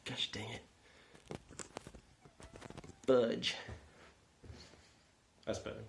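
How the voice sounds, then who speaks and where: A man's voice: medium pitch, little pitch movement, very slow, creaky, slight background noise. A young man vlogging casually, rambling with lots of fillers and self-deprecating asides. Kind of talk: casual vlog talk. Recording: echoey room.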